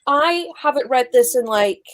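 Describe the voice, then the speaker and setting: A woman's voice: high-pitched, lively intonation, normal speed. A woman chatting casually with friends about books, telling stories and laughing often. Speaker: book club guest. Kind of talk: casual chat among friends.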